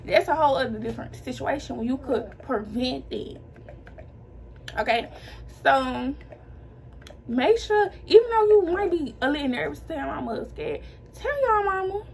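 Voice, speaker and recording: A woman's voice: high voice, animated, moderate pace. A young woman vlogger telling her own story in casual, slangy chat to her viewers, animating the people she quotes. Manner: chatty and slangy, addressing viewers as y'all.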